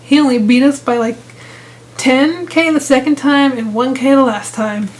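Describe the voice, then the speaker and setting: A woman's voice: sits high, normal speed, low-quality recording. A young woman vlogging casually about online gaming drama, sarcastic and exasperated, rambling with restarts. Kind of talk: casual ranting vlog.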